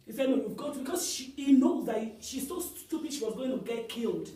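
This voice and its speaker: Animated woman pastor preaching. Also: high voice, a little fast. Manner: animated storytelling, rising to shouts. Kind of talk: sermon. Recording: echoey hall, voice from far off.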